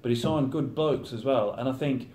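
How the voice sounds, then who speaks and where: A man's voice: medium pitch, moderate pace, warm tone. A thirty-year-old man, a professional footballer, chatting casually in an interview and acting out his teammates' banter. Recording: roomy echo.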